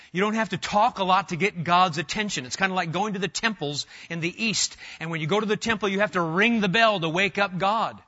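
Bright-voiced male preacher, dull recording. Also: fairly high pitch. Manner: animated preaching with sudden loud emphasis and soft asides. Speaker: pastor. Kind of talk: sermon.

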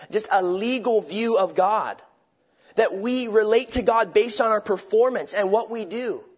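A man preaching a sermon in a conversational way, asking rhetorical questions and restarting his phrases. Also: sits high. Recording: dull lo-fi recording.

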